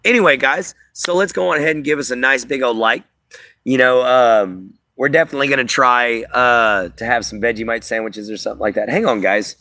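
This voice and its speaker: A man with a medium-pitched, bright, forceful voice hosts a casual live stream, talking a little fast. He rambles to his viewers and chat, packing his speech with fillers, and the recording has no room sound.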